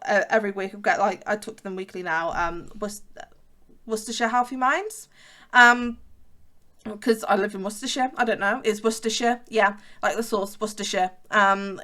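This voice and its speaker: A gaming YouTuber in her twenties from the West Midlands of England chats casually over her gameplay in a fairly posh, southern-leaning English accent. Her mid-range voice is bright and forceful, and she rambles with frequent ums, restarts and chatty asides.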